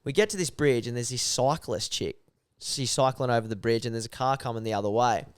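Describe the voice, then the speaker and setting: A man hosting a podcast, telling animated stories in casual chat and swearing freely. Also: medium pitch, a little fast, clear, resonant tone, no room sound, studio quality. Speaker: podcast host. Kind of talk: casual storytelling.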